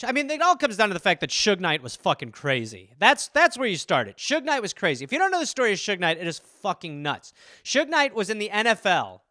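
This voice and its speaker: A man's voice: sits high, pushed and bright, dry recording, clean studio sound. A man hosting a comedy podcast, riffing casually in a rambling way full of "like" and restarts, swearing freely.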